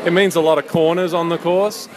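A man's voice: on the high side, steady tone, a little fast. A man chatting enthusiastically about his parkrun course, interviewed in a busy cafe. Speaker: parkrun event organiser. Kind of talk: casual outdoor interview. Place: busy cafe outdoors after a run. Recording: crowd chatter behind.

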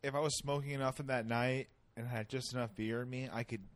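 A man's voice: mid-range voice, fairly even intonation, fast talker. A man chatting casually as a podcast guest, rambling through jokes and tangents with a lot of swearing. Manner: joking, rambling, profane. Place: Sacramento.

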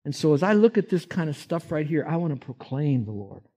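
A man's voice: a little high, very animated, brisk, dark tone. Folksy, emphatic male preacher. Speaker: pastor. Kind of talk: sermon.

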